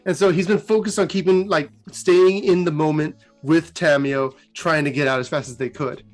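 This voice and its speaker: A man's voice: a little high, steady tone, moderate pace, soft background music. A young man hosting a casual lore retelling, chatty and giggly with slangy asides. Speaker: host.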